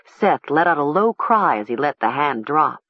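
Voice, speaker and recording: Woman audiobook narrator, husky, lively intonation, slow, dry dull sound. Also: low-pitched, dry recording. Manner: expressive, measured.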